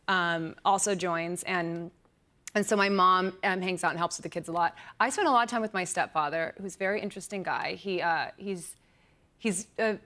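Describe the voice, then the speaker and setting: A woman, a talk show guest, telling an anecdote with lively acted-out quotes and frequent laughter. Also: on the low side, normal speed. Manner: animated storyteller, acts out quotes, laughs often. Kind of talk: casual chat, anecdote telling. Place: TV studio.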